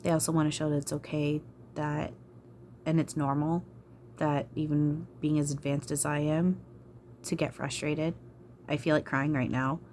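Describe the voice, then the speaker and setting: A woman's voice: sits low, flat delivery, moderate pace, darkish tone, slight background noise. A woman channeler talking to camera in an emotional vlog, frustrated, sighing and swearing. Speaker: spiritual channeler.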